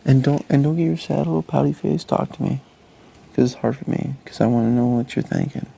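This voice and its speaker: A man's voice: mid-range voice, brisk, creaky, dark tone, husky. A young man talking earnestly and reassuringly to his partner, often restarting his sentences. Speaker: reality show houseguest. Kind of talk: intimate casual talk.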